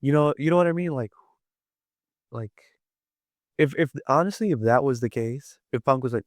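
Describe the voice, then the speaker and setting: A man's voice: medium pitch, moderate pace, long pauses, no room sound, clean studio sound. A man giving casual commentary on his vlog, rambling with lots of fillers and restarts. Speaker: wrestling vlogger.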